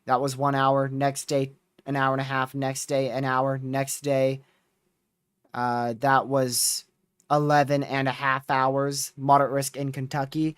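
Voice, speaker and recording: The host of a storm-chasing livestream sounds worn out, yawning as he casually recaps recent days and fills gaps with fillers. He speaks unhurriedly in a clear, resonant mid-range voice, with studio quality and no room sound.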